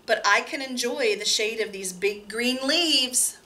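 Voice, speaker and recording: A woman voicing a big, calm male lion who talks in a deep, soft purr for a children's storybook. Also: a little slow, far from the mic. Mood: contented.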